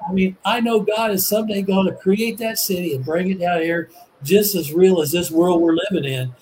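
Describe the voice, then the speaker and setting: Earnest, high-voiced man teaching. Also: normal speed, darkish tone, a little hiss or hum, rough recording. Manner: earnest, enthusiastic, restarts and repeats words. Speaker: Bible teacher. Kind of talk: casual religious discussion.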